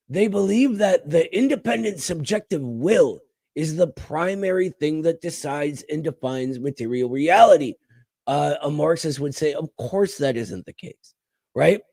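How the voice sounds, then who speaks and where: Emphatic man with a slightly high voice. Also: gravelly, a little mellow, dry recording. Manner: emphatic, calls people brother. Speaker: co-host. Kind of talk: casual political talk show chat.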